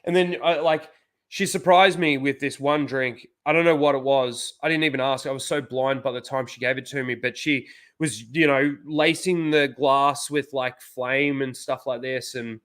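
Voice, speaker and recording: A man's voice: medium pitch, fairly even intonation, normal speed, fairly bright tone. A young Australian man, the show's host, telling a rambling, profane story in casual chat, full of fillers.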